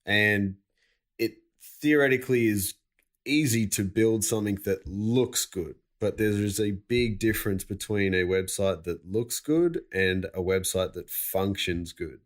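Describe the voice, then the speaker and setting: A man's voice: lowish voice, unhurried. A young man hosting a business podcast, joking with his guest in casual chat before moving on to the topic. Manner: joking, upbeat. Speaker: podcast host.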